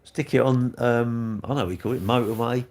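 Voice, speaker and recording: A man's voice: mid-range voice, fairly even intonation, fairly quick, a little mellow. Cheeky English man chatting with viewers. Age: older. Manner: banter, cheeky and blunt, dropping "mate" and "innit". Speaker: livestream host. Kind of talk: casual chat reading viewer comments.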